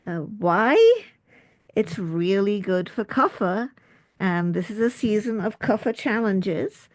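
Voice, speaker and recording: A woman's voice: mid-range voice, sing-song, takes it slowly, no room sound. A middle-aged woman with an English accent, a doctor and school principal, giving a chatty, informal health talk to camera with jokey asides. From United Kingdom.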